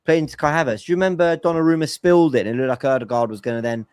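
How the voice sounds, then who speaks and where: A man's voice: fairly high pitch, rapid-fire, a little mellow, clean tone, no echo, clean studio sound. A man hosting a casual football podcast over a remote call, talking analytically and explaining tactics at length. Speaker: podcast host.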